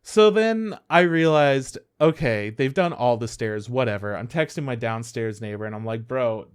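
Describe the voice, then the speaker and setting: A man's voice: mid-range voice, normal speed, hardly any pauses, smooth. A young adult man co-hosting a podcast, chatting casually and acting out quotes as he tells stories. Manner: animated storyteller, acts out quotes, swears freely. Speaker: podcast co-host. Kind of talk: casual chat.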